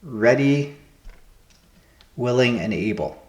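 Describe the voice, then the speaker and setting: A man's voice: mid-range voice, animated, slow. A man with a mid-range voice talks himself through word puzzles, floating guesses aloud one after another. His voice carries a noticeable room echo. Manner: musing, trial-and-error guessing of answers aloud. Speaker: host playing word puzzles. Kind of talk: casual thinking aloud while solving puzzles. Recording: roomy echo.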